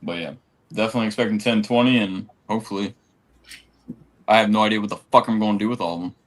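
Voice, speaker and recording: A laid-back man talks as a podcast guest, full of casual slang. His voice is fairly low, and he speaks at an easy, unhurried pace. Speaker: podcast guest, snake keeper. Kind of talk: casual chat.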